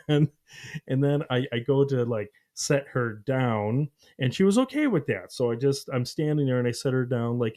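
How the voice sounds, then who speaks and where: A middle-aged man hosting a podcast, telling a family story in a lively, laughing way and briefly acting out the voices in it. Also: medium pitch. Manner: animated, laughing, acts out voices in his story. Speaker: podcast host. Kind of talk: casual storytelling chat.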